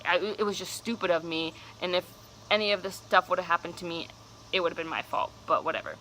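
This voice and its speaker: A woman's voice: fairly low pitch, fast talker, sharp tone, a little hiss or hum, poor audio. A young woman telling a personal story on her vlog, casual, candid and cursing freely. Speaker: vlogger.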